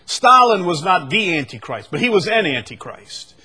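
Brief: male preacher, slightly higher pitch, husky tone, builds from hushed lines to booming repeated declarations. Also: very animated. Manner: swings from quiet, low asides to loud drawn-out proclamations; repeats phrases for emphasis and reads scripture aloud. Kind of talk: sermon.

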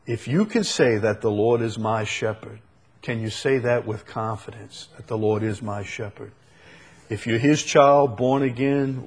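Husky guy preaching slow, lowish voice, repeating phrases for emphasis. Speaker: pastor. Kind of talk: sermon.

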